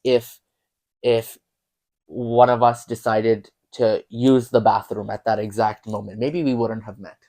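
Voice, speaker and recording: A man's voice: fairly low pitch, fairly even intonation, unhurried, warm tone. A young man from Canada, a podcast guest, chatting casually and rambling with frequent laughs. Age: young adult. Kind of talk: casual chat.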